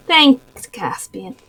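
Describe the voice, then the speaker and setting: A woman's voice: sits high, pushed and bright, breathy edge. A woman player speaking in character in a tabletop game, bubbly and eager. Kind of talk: tabletop role-play in character.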